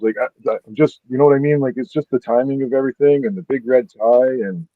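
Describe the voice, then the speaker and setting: A man's voice: medium pitch, quick pace, few pauses, dry recording, phone-quality sound. A man on a casual panel discussion, talking loosely and profanely in a rambling way full of "like", heard over call audio. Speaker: panel guest.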